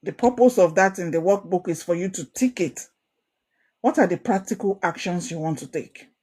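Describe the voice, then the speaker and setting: A woman's voice: medium pitch, dark tone. A woman leading a coaching workshop, speaking emphatically and repeating her points to drive them home. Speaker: workshop facilitator. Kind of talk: coaching session teaching.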